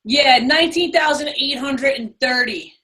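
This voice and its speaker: A woman's voice: sits high, unhurried, pushed and bright. A woman with a New York accent, talking as co-host in a casual chat, emphatic and enthusiastic.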